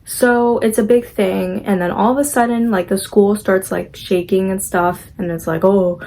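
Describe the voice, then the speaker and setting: A young woman casually recapping a movie, chatty and opinionated, with lots of "like" fillers and quick acted-out character lines. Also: medium pitch, fairly even intonation, vocal fry, darkish tone.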